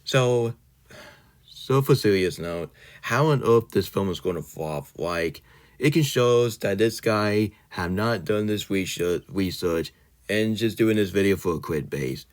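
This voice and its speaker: A man's voice: lowish voice, expressive, measured pace. A man hosting his own channel, ranting indignantly in a casual vlog style, loosely worded and full of fillers. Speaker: channel host.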